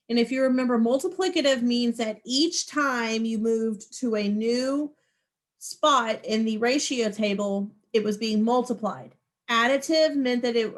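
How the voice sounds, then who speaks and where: A woman teaching a math class over a video call, patient and encouraging as she explains each step. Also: on the high side. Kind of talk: online class lesson.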